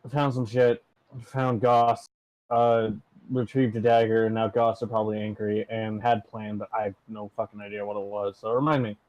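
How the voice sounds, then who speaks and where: A man's voice: on the low side, flat delivery, normal speed, a little mellow, no echo, muffled recording. A man chatting casually as a player in a tabletop game, joking and laughing often.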